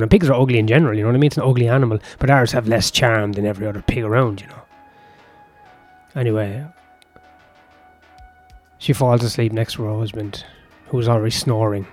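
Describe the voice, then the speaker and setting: A man's voice: fairly low pitch, fairly even intonation, fairly quick, long pauses, a little mellow, soft background music. A man improvising a spoken story, rambling with profane asides and breaking off to comment on his own tale.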